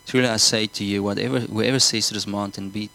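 A man's voice: fairly low pitch, steady tone, quick pace, vocal fry, pushed and bright, rough recording. A man preaching a sermon, earnest, often repeating words and asking the congregation whether they follow. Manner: earnest, repeats himself, asks the congregation questions.

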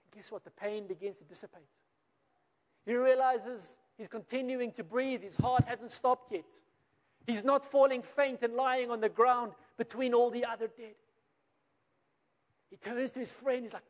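A man with a South African accent preaching a sermon, telling a story and acting out the quoted voices, rising and then dropping to a quiet close. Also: very high voice, steady tone, normal speed. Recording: long reverb of a large hall.

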